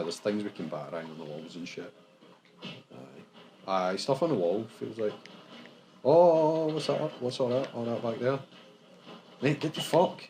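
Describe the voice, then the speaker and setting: Low-voiced Scottish man, blunt and sweary. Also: poor audio. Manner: laid-back, blunt, swears a lot. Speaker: gaming co-host. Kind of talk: casual let's-play banter.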